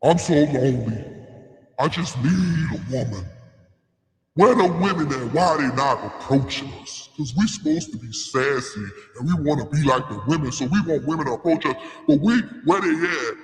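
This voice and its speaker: A whiny, lonely man moaning that he needs a woman, as a woman puts on a mock male voice. His voice is dropped low and drawn out in mocking complaint. A long reverb hangs on every word. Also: lively intonation, moderate pace. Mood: whining mockery.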